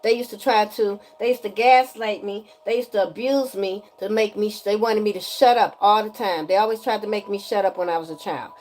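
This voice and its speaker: Animated woman doing an energy reading. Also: mid-range voice, brisk, hardly any pauses. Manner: animated, breaks into singing, emphatic and preachy; casual slang, repeats lines for emphasis. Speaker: spiritual energy reader. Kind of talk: casual tarot-style reading to viewers.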